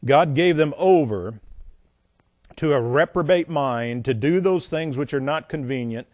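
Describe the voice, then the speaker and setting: A man preaching a sermon, reading scripture aloud and commenting between verses, with folksy joking asides and swings between loud emphasis and quiet remarks. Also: on the high side, a little slow, no echo. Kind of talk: sermon, Bible exposition.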